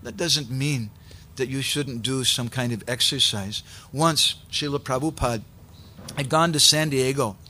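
A man preaching, telling a sacred story in an animated way and acting out its characters. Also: medium pitch, unhurried, a little hiss or hum. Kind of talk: sermon storytelling.

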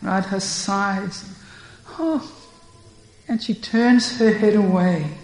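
A woman narrating a devotional story in a measured, gentle way. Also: mid-range voice, steady tone, roomy sound, faint music behind, poor audio.

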